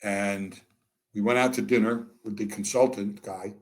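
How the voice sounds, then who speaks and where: In an unhurried, low-ish voice, an older American man recounts candid stories as an interview guest. He performs both sides of conversations with animation and dry humor.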